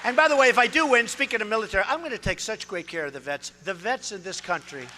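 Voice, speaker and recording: A man's voice: sits high, expressive, fast, sharp tone, a faint crowd, slight background noise. A man in his sixties giving a campaign speech in a large hall, boastful and repetitive, punching out short phrases. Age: 60s. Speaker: political candidate. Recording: reverberant hall with faint ambience.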